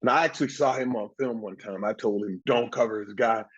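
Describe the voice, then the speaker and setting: Husky older man telling animated stories. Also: fairly low pitch, brisk, lo-fi sound. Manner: animated storyteller, acts out quoted voices. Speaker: former pro football player, guest. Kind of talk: casual storytelling interview.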